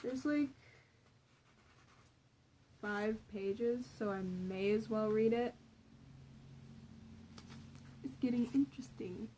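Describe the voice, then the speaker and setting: A woman's voice: on the high side, takes it slowly, mellow, a little hiss or hum, poor audio. A young woman casually reading her own old story aloud, often correcting herself and commenting on the writing.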